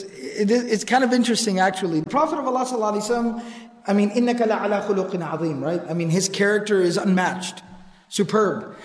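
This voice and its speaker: A man delivering a sermon in a fairly high voice, retelling narrations and driving points home through repetition. He recites Arabic quotations before explaining them in English. The sound carries the long, roomy echo of a large hall. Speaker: preacher. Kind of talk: sermon storytelling. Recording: echoey hall with long reverb.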